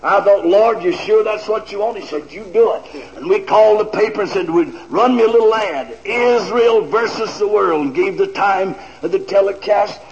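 A man preaching a fiery revival sermon, often shouting praise to a congregation. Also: high voice, normal speed, hardly any pauses. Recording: dull lo-fi recording with crowd.

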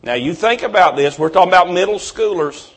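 A middle-aged male preacher telling a story in a sermon, in a hushed, measured way. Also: high voice, lively intonation, husky.

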